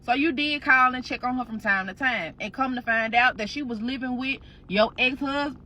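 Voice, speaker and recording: A woman telling a dramatic story in a slangy, animated, profane way. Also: sits high, normal speed, slight background noise. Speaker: storytime host. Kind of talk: casual storytelling.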